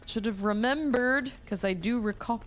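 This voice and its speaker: A young woman streaming a video game, chatting casually and thinking out loud as she plays. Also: a little high, moderate pace. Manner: chatty, musing aloud, reading chat. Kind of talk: casual gameplay commentary.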